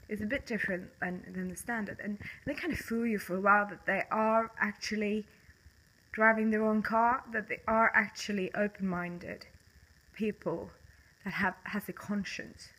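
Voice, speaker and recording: A woman's voice: mid-range voice, fairly even intonation, normal speed, fairly bright tone, husky, poor audio. A young woman with a Swedish accent, speaking English in a casual monologue to camera, passionate and blunt, swearing often and breaking into bitter laughs.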